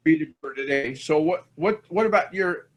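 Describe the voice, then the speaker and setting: A man's voice: a little high, normal speed. A man hosting a podcast in a rambling, chatty way, poking fun at himself as he goes. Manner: rambling, chatty, self-mocking. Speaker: podcast host. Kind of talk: casual podcast chat.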